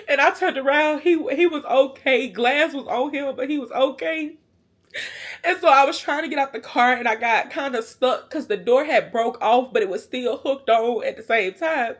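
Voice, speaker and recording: Woman, vlogger, high voice, casual storytelling, colloquial, emotional. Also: normal speed. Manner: animated, colloquial, emotional retelling.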